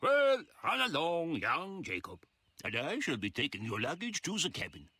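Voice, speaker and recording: A man's voice: a little high, wildly swooping pitch, moderate pace, sharp tone, breathy edge, full character voice. An actor playing an eccentric one-eyed camp handyman in a game, with a mock German accent and stiff formal phrasing. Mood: jolly.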